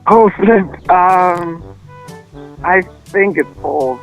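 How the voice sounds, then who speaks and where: A man, a guest playing a podcast quiz, answering calmly and thinking aloud. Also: sits high, over loud music. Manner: calm, unhurried, thinks aloud. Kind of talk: casual quiz chat.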